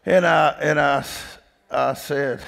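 Slow and fairly high-pitched, with fairly even intonation and a creaky, slightly bright quality, a man delivers a storytelling sermon in a church sanctuary. The long hall reverb carries his folksy, emphatic style as he repeatedly presses listeners with "did you hear me."

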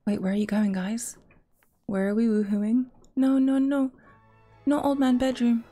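A young woman giving crude, excitable running commentary while she plays a life-simulation game. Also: on the high side, a little slow, faint music behind. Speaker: gaming streamer. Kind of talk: casual let's-play commentary.

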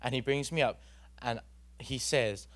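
A man's voice: mid-range voice, unhurried, fairly bright tone. A young man, giving an earnest, rambling personal testimony at a church youth gathering, full of fillers and restarts.

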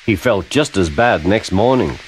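A man reading a children's railway story aloud as an expressive, animated narrator. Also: on the low side, a little slow. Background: background music.

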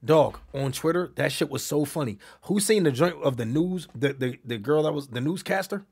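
A young man hosting a live-stream reaction, loud and excitable, often calling out to his chat. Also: a little high, moderate pace, breathy edge.

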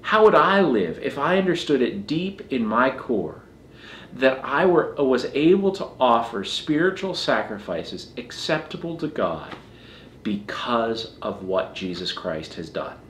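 A man's voice: medium pitch, sing-song, unhurried, fairly bright tone, slight background noise. Earnest male pastor preaching in an echoey room. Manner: earnest, repeats phrases while preaching. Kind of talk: sermon.

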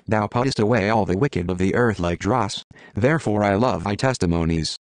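Man, very low voice, solemn Bible reading, dry close sound. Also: moderate pace, no room sound. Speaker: scripture reader. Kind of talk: steady scripted Bible reading.

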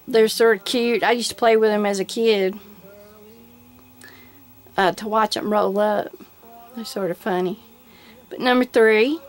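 A woman with a Southern US accent chatting casually through an accent tag video, giggling often. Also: on the high side. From Southern United States. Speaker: vlogger.

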